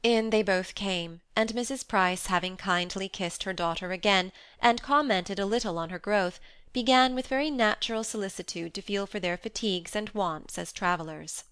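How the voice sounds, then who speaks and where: A woman with a mid-range, clean-toned voice narrates an audiobook in a measured, even storytelling style, with no room sound.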